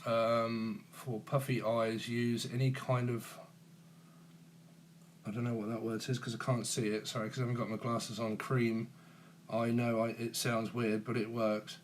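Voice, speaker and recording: A man's voice: mid-range voice, flat delivery, measured pace, a little hiss or hum. A man in his forties hosting a casual live stream on his phone, chatting with viewers in a teasing, jokey way and chuckling often. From England. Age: 40s. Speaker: tarot channel host.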